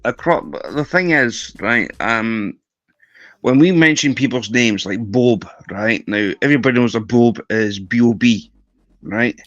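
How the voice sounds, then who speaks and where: A man's voice: mid-range voice, a little slow, fairly bright tone, dry recording, lo-fi sound. A Scottish man from the northeast of Scotland chatting as a guest on a live stream, rambling with lots of restarts. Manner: rambling, repeats himself, many restarts. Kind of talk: casual chat on a live stream.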